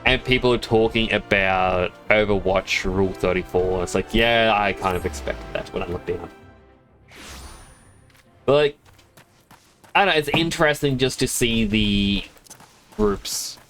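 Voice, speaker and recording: A man's voice: on the low side, a little slow, pauses often, a bit bright, faint music behind. A man streaming a game, chatting casually in a rambling, self-amused way. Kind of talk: casual chat while gaming.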